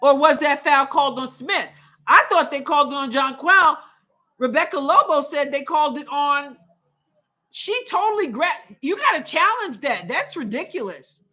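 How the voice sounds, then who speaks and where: A woman's voice: high voice, expressive, normal speed, sharp tone. A woman hosting a live watch party, reacting emotionally and indignantly to a basketball game as it unfolds. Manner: emotional, exclaiming, indignant about calls. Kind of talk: live reactive sports commentary.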